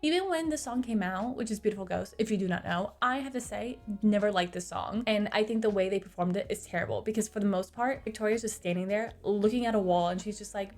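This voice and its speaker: A woman's voice: mid-range voice, fast, few pauses, darkish tone, soft background music. A young woman recapping a movie in a casual, chatty way, with sarcastic asides, recorded on a close mic. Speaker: movie reviewer.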